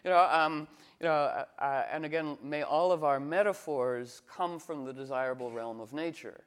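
Male astrologer, slightly high voice, rambling chat, animated, many fillers. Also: normal speed, smooth. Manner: meandering, full of fillers and restarts; animated, slips into playful cooing voices. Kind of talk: rambling casual monologue.

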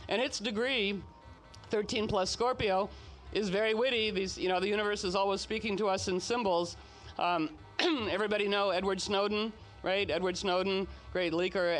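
Male host, animated storyteller, high voice, chatty asides. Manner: chatty, animated, frequent "you know" asides. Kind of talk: casual spoken storytelling talk.

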